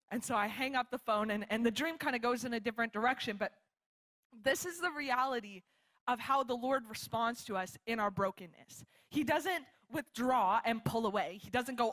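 A young woman preaches to a church gathering, telling a personal story in a chatty, animated way. Her voice sits a little high for a woman, and she acts out the quotes as she goes. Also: moderate pace. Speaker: missionary preacher. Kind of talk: sermon with storytelling. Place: church hall with live audience.

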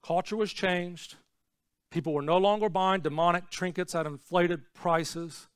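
A man preaching a sermon as pastor, swinging between low, quiet asides and shouted, repeated lines. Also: steady tone, a little slow, smooth, dry recording, studio quality.

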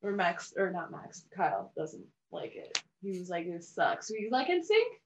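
A woman chatting on a casual podcast in an amused, unhurried way. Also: lowish voice, wildly swooping pitch, muffled recording, a little hiss or hum.

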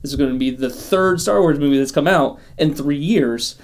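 A man co-hosting a casual chat about movies, animated, laughing often and restarting his sentences. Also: on the high side, normal speed. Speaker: podcast co-host.

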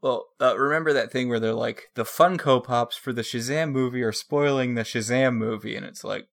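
Gravelly deadpan man. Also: mid-range voice, normal speed. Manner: deadpan, rambling jokes. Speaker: podcast co-host. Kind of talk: casual chat.

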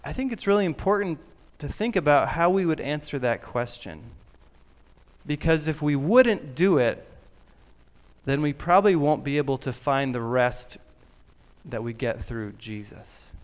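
A man preaching a sermon in a church, earnest, dropping his voice softly on key words. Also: fairly high pitch, lively intonation, a little slow. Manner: earnest, drops to soft emphasis on key words. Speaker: pastor. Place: church sanctuary.

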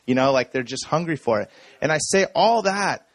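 A man telling a personal story from the stage in a relaxed, conversational way, checking in with the audience as he goes. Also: fairly high pitch, moderate pace, no room sound. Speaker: speaker. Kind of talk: conference talk.

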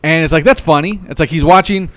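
A man's voice: on the high side, quick pace. A man co-hosting a casual movie podcast, rambling, laughing often and swearing casually. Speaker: podcast co-host. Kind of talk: casual chat.

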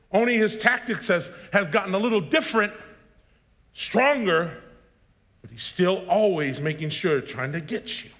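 A man's voice: high voice, animated, moderate pace, a bit bright. A man in his thirties preaching a sermon as pastor, telling jokey family stories and then building to emphatic preaching. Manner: storytelling, joking, rising to emphatic preaching. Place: church sanctuary. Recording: long hall reverb.

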